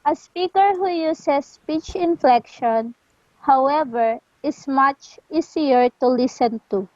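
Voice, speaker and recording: A woman learning English reads a lesson text aloud slowly and carefully, stumbling now and then. Her high voice is unhurried and has a darkish tone. The recording sounds dull and dry, with no echo.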